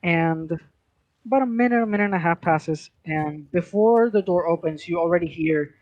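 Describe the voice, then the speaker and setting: A man's voice: fairly high pitch, normal speed, no room sound, highs cut off. A man narrating a tabletop game as game master in a casual, rambling way with many filler words.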